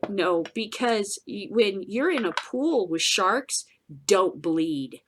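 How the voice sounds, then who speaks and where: A woman's voice: expressive, slow, a little hiss or hum. Blunt, profane woman ranting. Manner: blunt, profane, swings between shouting and low muttering. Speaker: podcast host. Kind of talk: ranting commentary.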